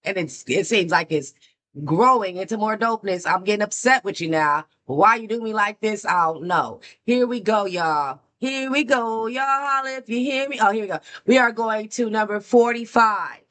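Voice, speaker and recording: A woman hosting a music reaction, commenting in an excitable, exclamatory way and talking straight to her viewers. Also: mid-range voice, moderate pace.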